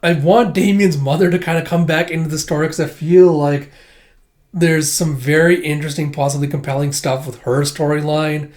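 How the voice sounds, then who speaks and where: A man with a fairly high voice talks through a manga chapter in casual commentary. He rambles, leans on fillers and swears now and then. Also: steady tone, normal speed, darkish tone. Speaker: manga reviewer.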